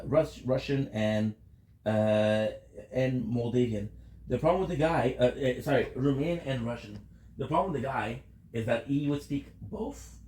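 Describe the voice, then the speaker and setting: A tired man streams a game and chats loosely with his viewers, rambling from one thought to the next as he answers chat. His voice is mellow and relaxed, and it rings a little in a roomy space. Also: mid-range voice.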